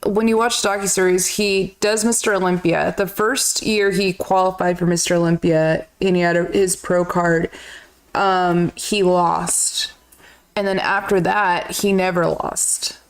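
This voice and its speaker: Quick, chatty woman co-host. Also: lowish voice, fairly even intonation, rough recording. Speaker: podcast co-host. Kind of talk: casual movie chat.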